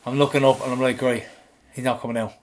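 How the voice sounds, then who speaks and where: A man, co-hosting a podcast and animatedly retelling his week, swearing and shouting out the lines he quotes. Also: mid-range voice, fairly even intonation, fast. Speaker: podcast co-host. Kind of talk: casual storytelling chat.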